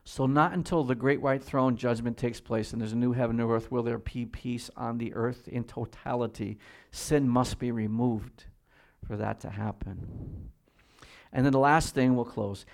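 A man preaching a sermon from the pulpit, in a mid-pitched voice. He reads scripture slowly and deliberately, dropping to quiet, measured emphasis, then climbs to loud, higher-pitched exhortation. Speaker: pastor.

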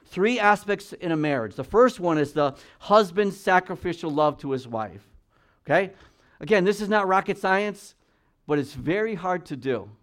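Slightly high-voiced male pastor preaching. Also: lively intonation. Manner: conversational preaching, reads scripture aloud slowly. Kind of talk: sermon.

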